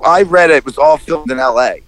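A man co-hosting a casual movie-review podcast, talking in an animated, profane way and acting out quotes. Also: on the high side, a little fast, dry recording, rough recording. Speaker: podcast co-host.

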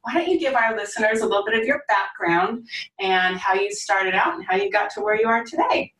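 A woman's voice: on the high side, animated, a little fast, a bit bright, distant mic. A woman podcast host greets her guest in an upbeat, gushing way. Her voice comes from a little away from the mic, in a roomy, echoing space. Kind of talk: podcast interview hosting.

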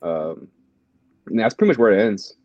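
A man in a casual podcast chat, speaking in a laid-back, halting way. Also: fairly low pitch, sing-song, darkish tone, dry recording. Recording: dull dry sound.

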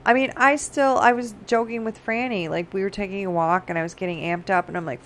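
A middle-aged woman talking casually in a rambling, animated way, often laughing. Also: medium pitch, brisk. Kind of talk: casual personal chat.

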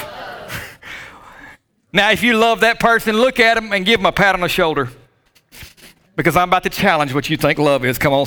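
A man's voice: high-pitched, pushed and bright. A man preaching a sermon as pastor to his church, joking and talking straight to the congregation. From Southern United States. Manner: joking, talks to the congregation directly. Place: church sanctuary with live audience.

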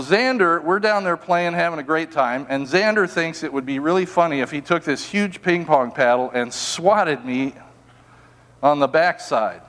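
An older man preaching a sermon, telling personal stories in an animated, self-mocking, humorous way. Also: fairly high pitch, big-room sound. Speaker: pastor.

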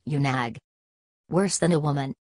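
A woman reading the part of a gruff middle-aged frontier man in an audiobook of a classic novel, curt when irritated and gentle with his dog, in a low, slow voice. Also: no room sound, clean studio sound. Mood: irritable.

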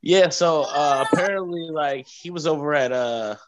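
A man's voice: on the high side, normal speed, no room sound. A man co-hosting a podcast in casual chat, steadily explaining with filler hesitations. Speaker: podcast co-host.

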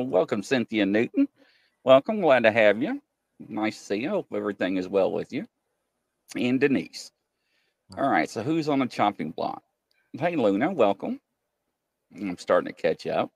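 A man's voice: lowish voice, sing-song, moderate pace, creaky, long pauses, no room sound. A man hosting a casual live-stream chat, jokey and chatty as he greets viewers by name. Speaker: host.

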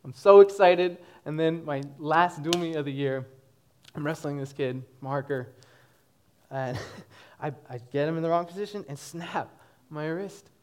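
This twenty-something man gives his testimony to a church congregation in a slightly high, clear, resonant voice. He keeps a measured pace, yet he is animated and laughs often as he goes.

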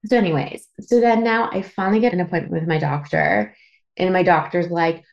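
Woman, 30s, from Canada, podcast host, lower voice, raw candid storytelling with swearing and fillers. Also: brisk, highs cut off. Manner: emotional, swearing, lots of fillers. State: tearful at times.

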